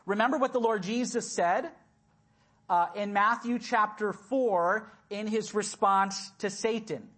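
A man preaching a sermon in a church, speaking deliberately and repeating key words for emphasis. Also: high voice, a bit bright, slightly rough.

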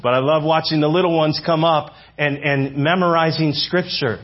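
A man in his forties preaching a sermon in church, animated, repeating phrases for emphasis and asking the congregation questions. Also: a little high, moderate pace, muffled recording. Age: 40s. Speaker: visiting speaker. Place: church sanctuary.

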